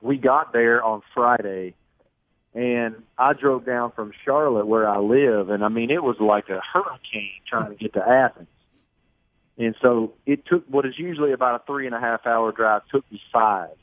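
Brief: chatty man on a tinny phone line, steady mid pitch, storytelling guest. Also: normal speed, no echo. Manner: storytelling, self-deprecating, chatty. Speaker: sportscaster guest. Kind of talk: phone-in radio interview.

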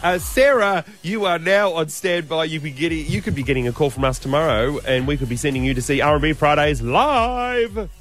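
A man's voice: on the high side, lively intonation, fairly quick, fairly bright tone. An Australian man co-hosting a breakfast radio show, joking and teasing his callers. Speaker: radio co-host.

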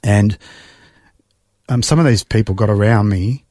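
A middle-aged man tells his own story as an interview guest, his low voice catching with feeling and breaking into sighs and restarts. The sound is dry and close, with no room around it. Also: dark tone, no room sound. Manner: emotional, reflective storytelling with sighs and halting restarts. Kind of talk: personal testimony in conversation.

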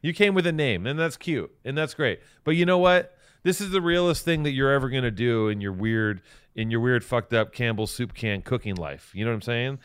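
Smooth-voiced man ranting on a podcast. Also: mid-range voice, expressive, a little fast, fairly bright tone. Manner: profane, combative, ranting. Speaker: podcast co-host. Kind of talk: casual banter.

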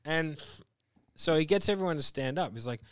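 A man's voice: on the high side, expressive, moderate pace, clean tone, no echo. A man in casual conversation, retelling a story bluntly with lots of swearing. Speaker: podcast co-host. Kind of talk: casual chat.

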